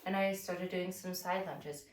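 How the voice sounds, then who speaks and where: A woman's voice: fairly low pitch, unhurried, slight background noise. A woman telling a casual, rambling story while she leads a morning stretching routine as a fitness instructor. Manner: chatty and rambling, animated when acting out the story. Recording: roomy sound from a distance.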